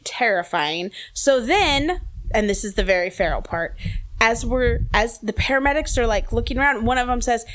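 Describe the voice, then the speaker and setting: A woman in her thirties, podcast co-host, telling a story in a casual, animated way and laughing often. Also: mid-range voice. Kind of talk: casual chat.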